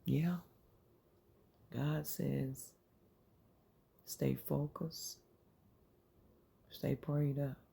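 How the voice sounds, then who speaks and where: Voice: mid-range voice, steady tone, very slow, creaky, long pauses, dark tone, breathy edge. A channel host giving an earnest, informal inspirational faith talk, repeating phrases and dropping into whispers to make a point.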